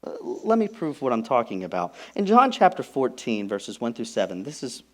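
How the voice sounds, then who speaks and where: A man preaching a sermon as pastor, emphatic, moving from hushed, intimate lines to loud, stressed ones. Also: mid-range voice, wildly swooping pitch, normal speed. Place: church.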